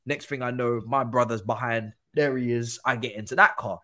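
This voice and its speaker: A man telling an animated story in casual chat, acting out other people's voices. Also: mid-range voice, moderate pace. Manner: animated, acts out quoted voices. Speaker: guest football pundit.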